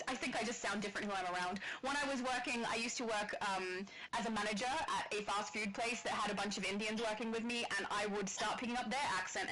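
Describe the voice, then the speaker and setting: A woman's voice: on the high side, poor audio. A woman from Australia hosting a livestream, chatting casually, reading out comments and laughing often. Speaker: livestream host.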